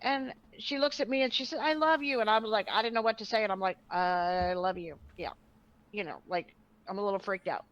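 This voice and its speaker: A woman telling a personal story in casual chat, animated and acting out the voices of people she quotes. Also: medium pitch, fast talker. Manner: animated, acts out quoted voices, laughs often. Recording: muffled, lo-fi audio.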